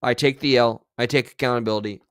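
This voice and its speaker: A man's voice: medium pitch, fairly even intonation, fast, a bit bright, no room sound. A man streaming, giving casual, sarcastic and rambling commentary on clips.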